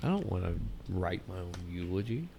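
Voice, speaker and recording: A man with a low voice in an easygoing podcast chat. He mostly chimes in with short replies and drops casual curses. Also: sing-song, brisk, creaky, dark tone, a little hiss or hum. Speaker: podcast co-host.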